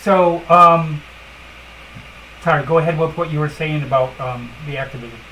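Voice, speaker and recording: A woman's voice: deep voice, steady tone, normal speed, bright, forceful tone, rough recording. Woman, livestream host, casual chat, blunt and emphatic, many fillers, faint noise.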